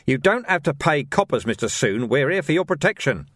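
A man voicing a gruff, weary male watch commander who speaks in irritable, forceful outbursts. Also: fairly high pitch, sing-song, brisk, no echo, clean studio sound.

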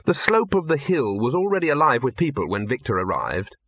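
A man reading an audiobook, telling the story in a wry, lively way. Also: medium pitch, brisk, husky, no room sound. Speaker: audiobook narrator.

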